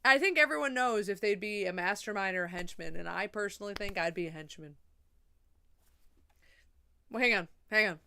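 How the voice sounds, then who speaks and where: A young woman chatting casually on a livestream, rambling and swearing, a little drunk and high. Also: brisk, vocal fry, pauses often, sharp tone, slight background noise.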